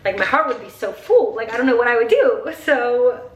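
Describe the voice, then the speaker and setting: A woman's voice: fairly high pitch, expressive, normal speed, echoey room, recorded from a distance, slight background noise. A young woman in her twenties chatting while getting ready, gushing and saying "like" constantly, teary at times. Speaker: vlogger. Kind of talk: get-ready-with-me chat.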